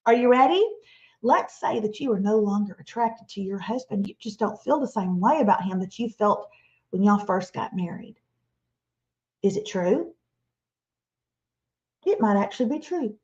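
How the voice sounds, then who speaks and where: A woman, giving a lively, playful motivational Christian talk as a webinar speaker. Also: mid-range voice, normal speed, pauses often. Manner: animated, playful, acts out imagined listeners and quotes. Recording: slightly dull, lo-fi webinar audio.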